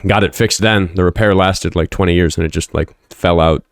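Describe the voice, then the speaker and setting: Rambling through a casual livestream, this host swears freely and gets combative with commenters in the chat. He speaks low and brisk with fairly even intonation, in studio-quality sound without room echo.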